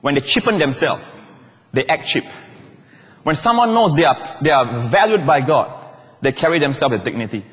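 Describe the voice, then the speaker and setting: A pastor preaches a lively sermon, calling for amens and asking his congregation whether they're listening, with asides to them along the way. His voice is a little high, his pace moderate with long pauses, and a long reverb tail follows.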